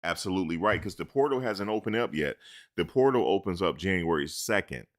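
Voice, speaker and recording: Man, very low voice, casual sports host, animated, acts out lines, talks to chat. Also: fairly quick. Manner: acts out imagined lines in asides. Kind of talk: casual commentary.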